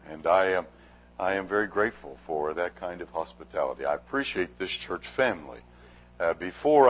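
Deep-voiced man preaching, unhurried. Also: breathy edge. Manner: gracious, unhurried, with halting pauses. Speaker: visiting preacher. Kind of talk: sermon with a warm-up story.

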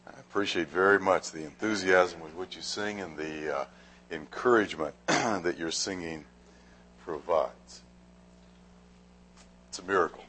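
A man speaking as a visiting preacher, giving a sermon in a gracious, unhurried way with halting pauses. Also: sits low, pushed and bright, a little hiss or hum. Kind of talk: sermon with a warm-up story.

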